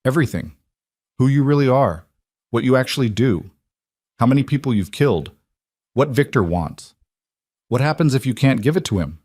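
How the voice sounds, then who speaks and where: Brief: fierce young woman demanding the truth, read by a man, raised pitch, dry close sound. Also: lively intonation, normal speed, pauses often, breathy edge, no echo. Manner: demanding, sharp questions. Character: frightened, angry young woman confronting a liar.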